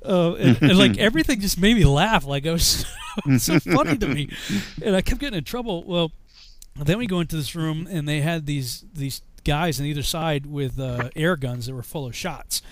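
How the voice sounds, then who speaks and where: A man's voice: on the high side, animated, normal speed. A man telling a funny army story casually, laughing often and saying you know a lot.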